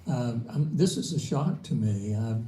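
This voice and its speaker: Man, meeting chair, very dark voice, halting and polite, heard from afar in a roomy chamber. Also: medium pitch, lively intonation, distant mic, slight background noise. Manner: halting, filler-heavy, polite. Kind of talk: chairing a city council meeting. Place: council chamber.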